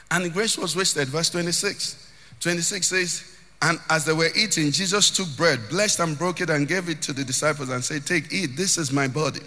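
A man's voice: sits high, a little fast, sharp tone. A man preaching a sermon as pastor, emphatic, often lifting phrases into a sung tone and repeating words as he builds. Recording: long hall reverb.

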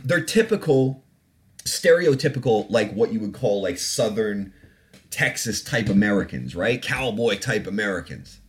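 A man's voice: fairly low pitch, expressive, a little slow, a little hiss or hum. A man hosting a podcast in a casual, heated rant, profane and mocking. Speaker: podcast host.

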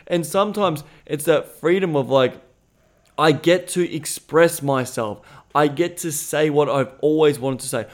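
A man co-hosting a podcast in a loose, candid chat. His voice sits a little high, and he swears freely. He acts out past conversations in lively voices. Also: unhurried. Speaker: podcast co-host.

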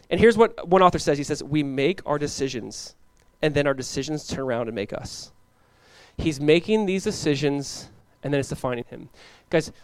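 Animated man preaching a sermon. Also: a little high, clean tone, no echo. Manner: animated, acts out biblical characters in quick voices. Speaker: pastor. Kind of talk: expository sermon.

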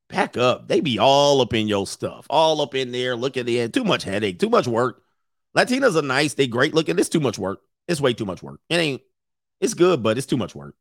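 A man's voice: medium pitch, a bit bright, no room sound, clean studio sound. A man hosting, on a loose, profane comic rant, breaking into put-on voices.

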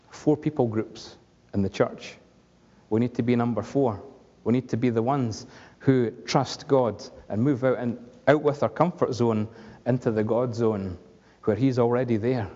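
A man's voice: mid-range voice, warm tone. A man preaching a conversational sermon, asking the congregation questions along the way. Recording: dull lo-fi recording with long hall reverb.

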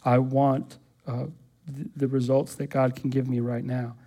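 A man's voice: medium pitch, flat delivery, a little slow, mellow. A man pastor preaching an expository sermon, emphatic, repeating words and putting rhetorical questions to the congregation.

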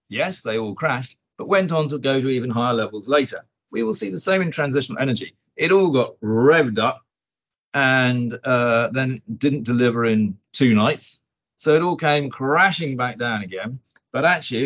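A man's voice: medium pitch, slightly rough. A man hosting a podcast about markets, talking casually and rambling with fillers and restarts. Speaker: podcast host. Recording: dull lo-fi audio.

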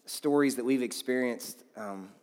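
A man's voice: mid-range voice, measured pace, a little mellow, clear, resonant tone. A man, a pastor telling stories in a sermon in a loose, conversational way with many asides. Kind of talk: sermon storytelling. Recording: long hall reverb.

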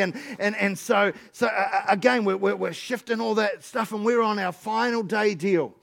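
Excitable new preacher, high gravelly voice, trips over his words. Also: normal speed, hardly any pauses. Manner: energetic, repeats words as he builds a story. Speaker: pastor. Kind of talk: sermon storytelling.

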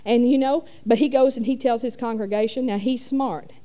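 Middle-aged woman, warm mellow tone, folksy rambling church testimony. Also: a little high, steady tone, normal speed, dull audio. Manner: folksy rambling with many fillers. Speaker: church speaker. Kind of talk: testimony storytelling.

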